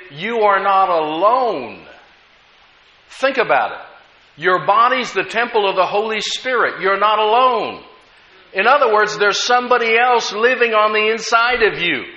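An American pastor with a high, bright voice preaches a sermon in a lively way, building rising emphasis and telling stories. The room is echoey and the sound is dull and lo-fi.

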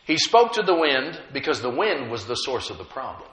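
A man preaching a sermon, emphatic and humorous, slowing down to stress key words. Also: medium pitch, very animated, a bit bright, roomy sound, low-quality recording. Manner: emphatic, slows down to stress key words, chuckles at own jokes.

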